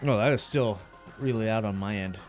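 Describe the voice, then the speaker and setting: A man's voice: fairly low pitch, fairly quick, faint music behind. A man streaming a game, recapping and chatting casually into a headset mic, rambling and laughing often. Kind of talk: casual gameplay commentary.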